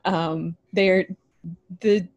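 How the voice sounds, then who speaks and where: Lower-voiced woman, relaxed podcast guest. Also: extremely slow, lo-fi sound. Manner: relaxed, hesitant with fillers. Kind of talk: casual film chat.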